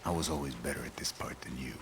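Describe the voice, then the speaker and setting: An actor playing a hostile soldier bent on revenge who speaks in a low, clipped, menacing way. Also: male voice, fast talker, heavy background noise. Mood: gruff, menacing.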